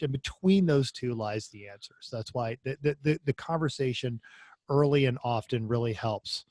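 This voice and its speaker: A man's voice: mid-range voice, normal speed, no echo, studio quality. A man co-hosting a casual racing podcast, rambling and jokey, often repeating words. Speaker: podcast co-host. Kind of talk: casual chat.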